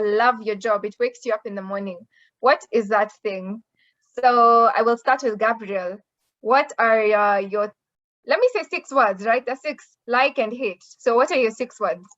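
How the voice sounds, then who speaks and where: A woman's voice: mid-range voice, a bit bright. A woman moderating an online panel discussion, effusive and full of fillers. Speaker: webinar moderator. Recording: slightly dull lo-fi audio.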